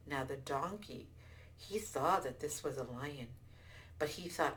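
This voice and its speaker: A woman telling a folktale aloud, expressive with small restarts. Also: deep voice, a little slow. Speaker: storyteller. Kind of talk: folktale storytelling.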